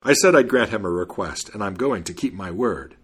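A man voicing a stern male judge in a fairy tale, speaking in firm, measured pronouncements. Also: on the low side, lively intonation, husky.

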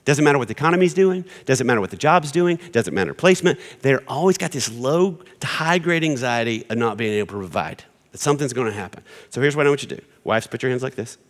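A middle-aged man preaching a sermon, animated and joking as he acts out quotes for a church congregation. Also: mid-range voice, fast talker, hardly any pauses. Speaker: pastor. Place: large church hall with congregation. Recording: long hall reverb.

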